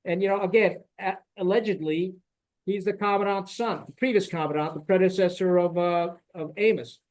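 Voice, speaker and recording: Blunt, high-voiced middle-aged man. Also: fairly even intonation, normal speed, a little mellow, poor audio. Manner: blunt, profane and indignant, with frequent fillers and "right?" tags. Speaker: podcast guest, retired military officer. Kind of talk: candid storytelling in a podcast conversation.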